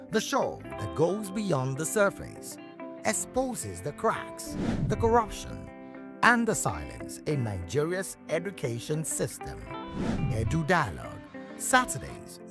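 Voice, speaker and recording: A woman narrating a dramatic television promo in a slow, emphatic, swooping delivery. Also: low-pitched, creaky. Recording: over loud background music.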